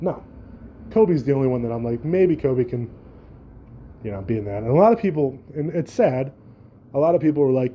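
A man's voice: medium pitch, lively intonation, fairly quick, long pauses, dull audio, slight background noise. A young man hosting a solo podcast, rambling and joking casually with frequent swearing. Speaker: podcast host.

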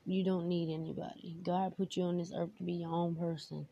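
A woman's voice: lowish voice, flat delivery, brisk, gravelly, mellow, husky. A woman hosting her own podcast, talking candidly and emotionally in a rambling, casual way with many fillers. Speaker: podcast host. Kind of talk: casual personal talk. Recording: dull lo-fi sound, faint noise.

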